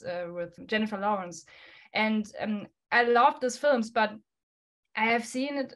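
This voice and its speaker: Woman guest, slightly high voice, non-native English, forceful and blunt, laughs a lot. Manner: emphatic, laughs often, blunt swearing. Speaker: guest musician. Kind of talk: podcast interview answer.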